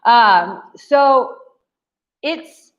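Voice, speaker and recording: A woman's voice: fairly high pitch, lively intonation, very slow, muffled recording. A woman dating coach giving blunt, profane advice to camera in a brash, emphatic way.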